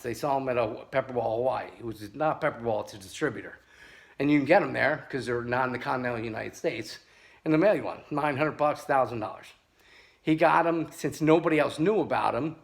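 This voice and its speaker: With a gravelly, medium-pitched voice that's a bit bright, this man sells and tests pepperball guns. While shooting, he rants about a rival seller, angry, sarcastic, and swearing constantly.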